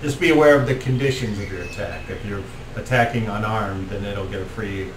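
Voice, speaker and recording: A man's voice: fairly low pitch, fairly quick. A man running a tabletop game, narrating the action and explaining rules with lots of fillers. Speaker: game master. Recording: echoey room, mic far off, faint noise.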